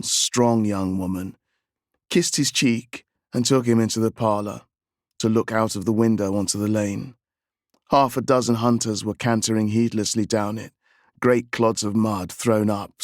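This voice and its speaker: With a fairly low voice, this man narrates an audiobook from a script, keeping his storytelling measured and even. The sound is dry and of studio quality.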